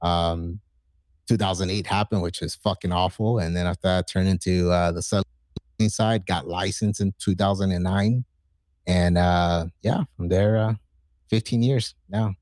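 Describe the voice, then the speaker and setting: A man in his forties telling stories in casual, profane chat, acting out quoted lines with excitement. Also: low-pitched, moderate pace, no room sound. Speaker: podcast guest.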